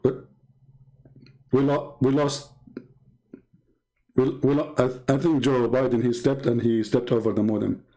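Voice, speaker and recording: A man's voice: mid-range voice, steady tone, unhurried, pauses often, warm tone. A man talking on a live stream as an online religious debater, combative and mocking, repeating himself and laughing at his own jokes.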